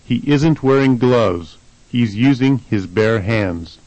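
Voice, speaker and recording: A man reads answers and dialogue lines for an English lesson in a plain, even manner. His voice sits at an ordinary middle pitch, and the recording is dry and close. The style is scripted teaching narration. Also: takes it slowly, no echo, lo-fi sound. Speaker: language lesson voice actor.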